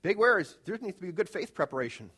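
Male pastor, sermon, conversational and emphatic, slightly high voice. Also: sing-song, fast talker, husky. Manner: conversational, emphatic preaching with swings from loud to hushed.

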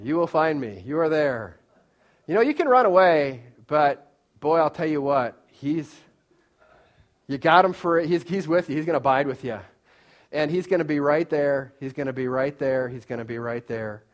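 A man with a fairly high voice preaching in a loose, conversational way. He repeats key phrases, restarts sentences and leans on fillers as he talks the sermon through. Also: animated, moderate pace.

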